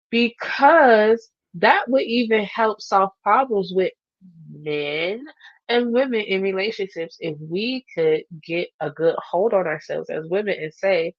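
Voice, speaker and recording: Lively woman podcast host, lo-fi sound. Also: on the low side, unhurried, dry recording. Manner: animated, acts out her inner voices. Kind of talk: casual faith talk. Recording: dull, lo-fi sound.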